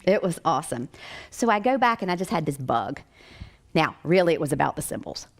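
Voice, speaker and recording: Lowish-voiced american lady telling her story, lively, laughs a lot. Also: a little fast. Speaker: doctor of chiropractic. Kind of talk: personal storytelling.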